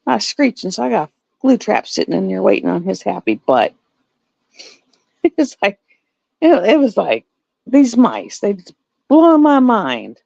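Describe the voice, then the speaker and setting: A middle-aged woman, hosting a livestream and telling stories in a casual, animated way. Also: mid-range voice, moderate pace, vocal fry, pauses often, no echo. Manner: animated storytelling with laughs. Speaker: livestream host. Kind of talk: casual chat. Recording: dull lo-fi dry sound.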